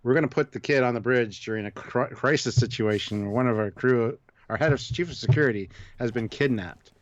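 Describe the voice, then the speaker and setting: A man's voice: medium pitch, brisk, no room sound. A man co-hosting a live review stream, chatting casually and joking while he reads out viewer donations. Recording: dull, dry remote call audio.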